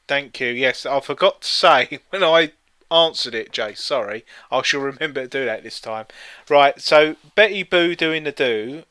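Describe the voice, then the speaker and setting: Male co-host, chatty and jokey, bright tone, dry sound. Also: medium pitch, animated, moderate pace, smooth, no echo. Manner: jokey, chatty, reads quiz questions aloud with asides. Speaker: co-host playing a teletext quiz on stream. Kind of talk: casual chat while playing a quiz.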